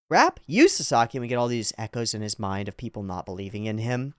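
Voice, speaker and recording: A man giving casual anime reaction commentary, his pitch swinging widely as he talks. He sounds enthusiastic and chuckles often. The sound is close and dry, with no room around it. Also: animated, brisk, hardly any pauses, no echo.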